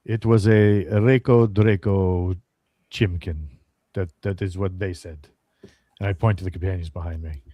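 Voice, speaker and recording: Deep-voiced halting male player. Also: fairly even intonation, no echo, dull audio. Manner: halting, searches for words with many ums. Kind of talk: tabletop game play, half in character.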